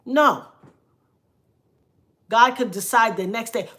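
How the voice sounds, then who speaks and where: A woman's voice: fairly high pitch, expressive, a little slow, long pauses, fairly bright tone. Emphatic preachy middle-aged woman vlogger. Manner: emphatic, preachy, shifts into quoted voices. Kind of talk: casual commentary vlog.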